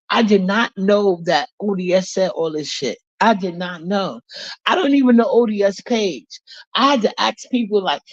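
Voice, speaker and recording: A woman's voice: lowish voice, dry recording. Angry woman ranting with a cold. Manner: angry, profane, defensive, repeats herself. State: stuffy with a bad cold. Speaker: live streamer. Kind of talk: heated live-stream rant. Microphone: phone on a live stream, camera off. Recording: dull lo-fi stream audio.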